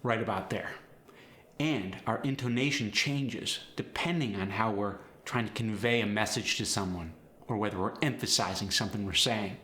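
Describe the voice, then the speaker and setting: Guy teaching an accent lesson, bright forceful voice, echoey room. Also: lowish voice, normal speed. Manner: clear, explanatory, step by step. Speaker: accent coach. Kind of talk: instructional lesson.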